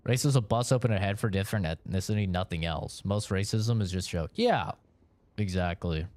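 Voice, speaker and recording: A man's voice: sits low, moderate pace, darkish tone, dry recording. A young man from Oregon, chatting casually with his stream chat in a rambling, profane way, laughing between points.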